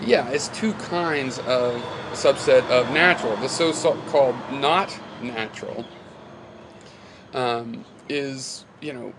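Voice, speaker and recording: Rambling man over steady background noise. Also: mid-range voice. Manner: rambling, thinking aloud with many fillers and restarts. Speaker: video blogger replying to a commenter. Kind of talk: casual spoken reply.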